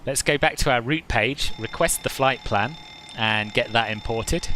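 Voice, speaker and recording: A man's voice: medium pitch, a little slow, bright, forceful tone, slight background noise, poor audio. A man chatting casually as he streams a flight simulator session, joking with viewers and often laughing at himself. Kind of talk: casual live-stream commentary.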